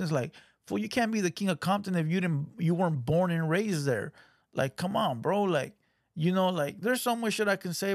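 A man's voice: a little high, no room sound, studio quality. A man hosting a reaction show, talking in blunt, profane, scolding casual commentary.

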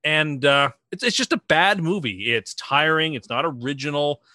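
A man's voice: fairly high pitch, animated, moderate pace, pushed and bright, dry recording, studio quality. A man hosting a podcast in casual chat, opinionated and contrarian, rambling through his points. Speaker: podcast host.

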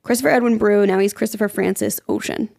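Woman, casual podcast chat, chatty trivia reader, gravelly fry, dry room. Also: medium pitch, fairly even intonation, fast, darkish tone, no echo. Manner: chatty, giggly, reads out trivia. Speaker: podcast co-host.

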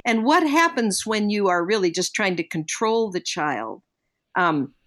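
An older woman, a guest on a parenting podcast, telling stories in an earnest, reflective way. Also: mid-range voice. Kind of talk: podcast interview.

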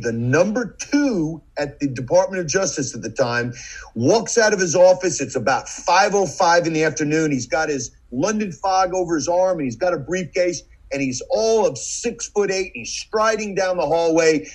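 A man's voice: on the high side, breathy edge, poor audio. Middle-aged American man spinning a vivid anecdote. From United States. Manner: vivid anecdotal storyteller, acts out quoted lines. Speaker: podcast guest, former FBI agent. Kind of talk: storytelling in conversation.

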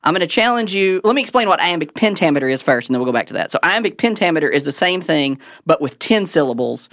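A man's voice: on the high side, lively intonation, fast, fairly bright tone, dry recording, clean studio sound. A man co-hosting a music podcast, enthusiastic and rambling as he explains songs and chords. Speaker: podcast co-host. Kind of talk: casual music chat.

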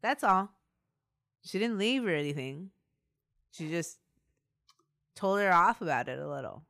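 A woman's voice: fairly low pitch, expressive, measured pace, gravelly, a bit bright, no echo, clean studio sound. A woman hosting a podcast, narrating a true-crime story in a chatty way with asides. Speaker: podcast host.

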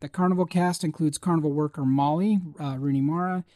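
A talkative man co-hosting a movie podcast, his voice sitting a bit high for a man. He rambles through the news with plenty of "uh"s, and the recording is close and dry with no room sound. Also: steady tone, a little fast, warm tone, no echo. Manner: chatty, reads out news items with fillers. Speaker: podcast co-host. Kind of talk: casual chat about movie news.

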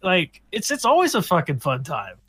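A young adult man chatting casually, animated and profane, with quick reactions. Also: high-pitched, breathy edge, no room sound. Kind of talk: casual chat.

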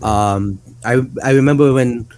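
A man's voice: medium pitch, a little slow, a little mellow, low-quality recording. A man chatting casually as a podcast guest, rambling with lots of fillers and laughs. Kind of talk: casual chat.

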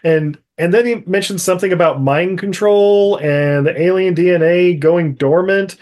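A man casually recapping a movie on a podcast, laughing often and mocking the characters in quick put-on quotes. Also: high voice, a little mellow. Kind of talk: casual chat.

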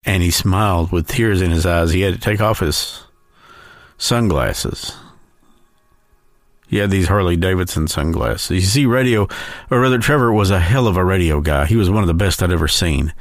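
A man with a very deep, low voice hosts a podcast and tells a personal story as a tribute. He speaks slowly and from the heart, pausing between phrases. The recording is dry and close, with no room sound. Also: no room sound. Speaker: podcast host.

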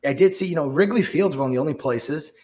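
A man's voice: fairly high pitch, quick pace, darkish tone. A man co-hosting a sports podcast in casual chat, rambling with frequent restarts and fillers.

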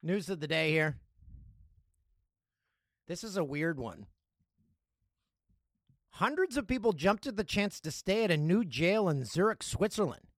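Man hosting a podcast, bit high-pitched and lively, jokey delivery, dry close sound. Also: measured pace, long pauses, dry recording. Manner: animated, jokey, riffing. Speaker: podcast host. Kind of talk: casual solo podcast chat.

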